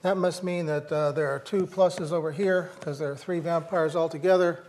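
Older guy lecturing, dry jokes, lots of uhs, voice a bit high. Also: steady tone, moderate pace, a little mellow. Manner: dry humor, thinking aloud with fillers and restarts. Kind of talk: university lecture.

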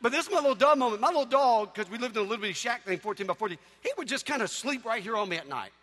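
A man preaching a sermon in a church, telling humorous stories with animated delivery. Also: extremely high pitch, rapid-fire, big-room sound, slight background noise.

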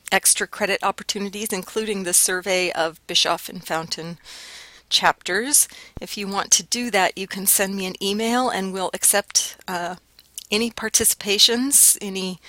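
A woman's voice: fairly low pitch, pushed and bright, dry recording. A woman instructor giving a casual, explanatory recorded linguistics lecture, with fillers and restarts.

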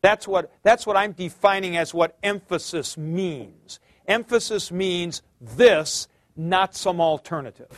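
A man's voice: high voice, a little slow, hardly any pauses, dry recording, studio quality. A man teaching a class, explaining patiently, calling on students by name and thinking aloud as he goes. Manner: thinks aloud with fillers and restarts. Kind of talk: classroom lecture.

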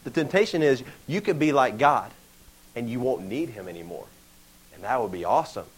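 A young man preaching a sermon in a casual, animated way, acting out the voices he quotes. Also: mid-range voice, brisk, slightly rough, rough recording. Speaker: pastor.

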